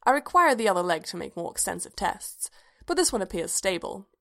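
A woman reading aloud voices a precise, formal male droid in a storybook reading, keeping his lines flat and matter-of-fact. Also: mid-range voice, a little fast, vocal fry. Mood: deadpan.

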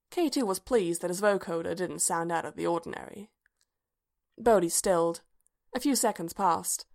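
A woman narrating a story aloud in a measured, even-paced reading. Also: on the low side, gravelly. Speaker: reader.

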